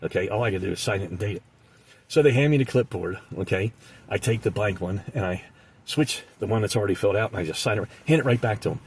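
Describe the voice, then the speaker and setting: A man delivering a comic monologue in an animated way, slipping into the voices of the people he describes. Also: lowish voice, fast talker, breathy edge. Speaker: comedic storyteller.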